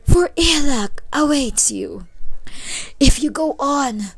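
Woman playing a slow, solemn old seer woman. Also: high-pitched, expressive, dry recording, pitched above the performer's own voice, exaggerated voice. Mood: warning.

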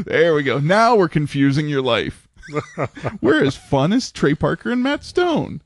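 A man's voice: fairly high pitch, wildly swooping pitch, dry recording, clean studio sound. A man co-hosting a podcast, chatting casually and laughing often as he jokes. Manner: laughs often, quick and playful. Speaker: podcast co-host. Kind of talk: casual chat.

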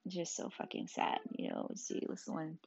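Tired young mom, low voice. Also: female voice, flat delivery, normal speed, vocal fry, darkish tone, breathy edge, muffled recording. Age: young adult. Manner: emotional, candid, frequent swearing and fillers. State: tired, quiet as child sleeps beside her. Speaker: mother vlogging about her sick child. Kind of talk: casual personal vlog.

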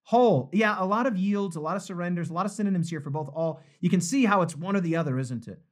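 A man's voice: high-pitched, fast. A male pastor hosting a live-streamed book study. He reads viewer comments aloud, reacts to them cheerfully, and closes with an earnest prayer. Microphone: phone livestream.

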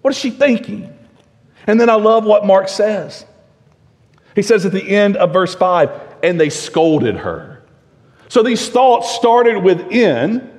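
A male pastor preaching a sermon, emphatic, full of rhetorical questions, swinging between loud and hushed. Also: high-pitched, animated, slow. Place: church sanctuary. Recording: long reverb of a church sanctuary.

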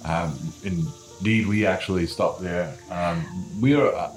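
A man playing a tabletop game, speaking in a hesitant, halting way. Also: deep voice. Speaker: player. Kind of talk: tabletop role-play. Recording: roomy echo, faint music.

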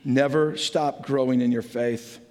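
A middle-aged man preaching a sermon as a pastor, earnest and exhorting, swinging between loud urging and hushed intensity. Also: medium pitch, steady tone, unhurried. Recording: long hall reverb.

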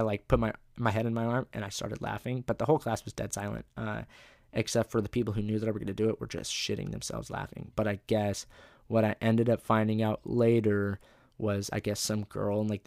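Young man, podcast host, gravelly, low-pitched, swearing, rambling, dry close sound. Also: dry recording. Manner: profane, rambling, laughing at his own stories. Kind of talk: casual storytelling monologue.

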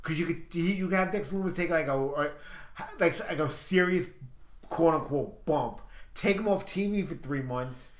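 A man's voice: a little high, moderate pace, reverberant. A man co-hosting a casual podcast chat, enthusiastic and often acting out quotes. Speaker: podcast co-host.

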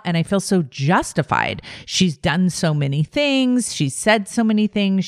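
A woman hosting a podcast as a life coach, teaching in a calm, emphatic monologue with repeated phrases. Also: medium pitch, dry recording, studio quality.

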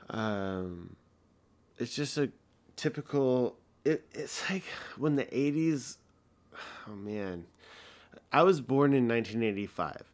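A man in his thirties talks casually on a podcast, rambling through a story with frequent swearing. He gets heated and loud in places. His voice sits at an ordinary middle pitch. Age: 30s. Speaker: podcast host.

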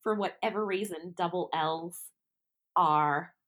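Speaking slowly, a podcast co-host with an Australian accent chats casually in a fairly low, rather bright voice. The young woman laughs at herself, giggles and stumbles over her words.

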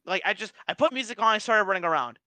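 Bright-voiced young man venting. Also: high voice, quick pace, no echo. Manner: animated, profane storytelling with frequent restarts. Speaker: podcast co-host. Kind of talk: casual chat.

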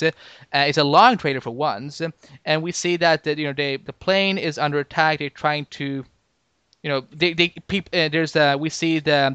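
A man hosting a podcast in casual chat, talking in halting bursts with lots of restarts and fillers. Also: on the high side, fairly bright tone, clear, resonant tone, dry recording. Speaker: podcast host.

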